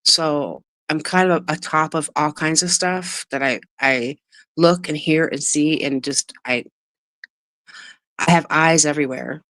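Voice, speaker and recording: A woman with a deep, low voice hosts a casual livestream and opens up about personal matters. Her talk rambles with emotion, and she keeps breaking off to greet chat viewers. The sound is dry and close. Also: unhurried, a bit bright, no room sound. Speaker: livestream host.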